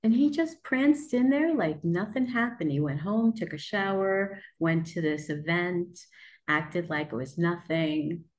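A woman from New York hosting a podcast interview, speaking in a measured storytelling way. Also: on the low side, lively intonation, low-quality recording. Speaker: podcast host. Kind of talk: conversational interview.

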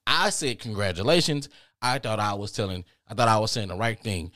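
Animated, profane male storyteller. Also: lowish voice, brisk, no echo, studio quality. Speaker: podcast host. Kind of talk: comedic storytelling.

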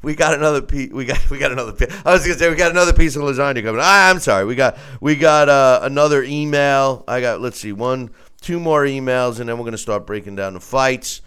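A man's voice: medium pitch, fast talker, hardly any pauses, fairly bright tone, smooth. A man hosting a boxing talk show, rambling through listener emails with many fillers and restarts. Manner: rambling, full of fillers and restarts, laughs often. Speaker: radio show host.

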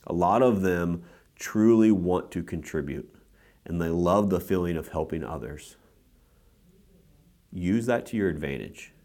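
A man with a very low voice chats casually on a podcast, recounting a conference with easy enthusiasm. He talks loosely and circles back often, leaning on fillers as he goes. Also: lively intonation, measured pace, long pauses, darkish tone. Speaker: podcast co-host.

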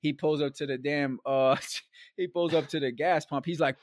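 A guest storyteller, a man with a slightly high voice, rambles through a long, casual story at a moderate pace, with no room sound. He's animated and loaded with fillers like "like," "man" and "bro," plus slang asides.

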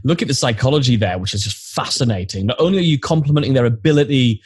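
A man's voice: mid-range voice, fast talker, breathy edge, no echo, studio quality. A man co-hosting a podcast, reacting with enthusiasm and restating the guest's points. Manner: enthusiastic, restates ideas aloud. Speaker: podcast co-host. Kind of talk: podcast interview.

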